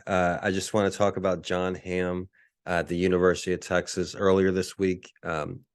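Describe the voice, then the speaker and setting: A man hosts his own daily podcast alone, chatting casually with a deadpan edge and many ums. His voice sits very low and deep. The recording is close and dry. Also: smooth, no echo. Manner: relaxed, filler-heavy, deadpan. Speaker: podcast host. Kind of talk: casual solo podcast talk.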